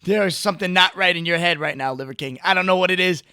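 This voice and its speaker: A young man giving casual, mocking reaction commentary, riffing excitably with lots of "like" and "bro". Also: high voice, fast, smooth, dry recording. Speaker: commentary video host.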